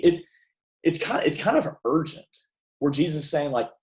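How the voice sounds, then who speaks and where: A man's voice: a little high, animated, moderate pace, a little mellow, rough recording. Casual, emphatic young male preacher. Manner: casual, emphatic, many restarts and fillers. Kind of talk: devotional sermon.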